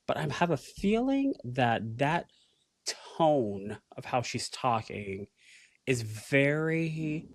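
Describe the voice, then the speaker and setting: A man's voice: mid-range voice, slow, no echo. Dry-voiced man chatting on a podcast. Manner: animated, musing, swears casually. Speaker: podcast co-host. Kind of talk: casual podcast chat.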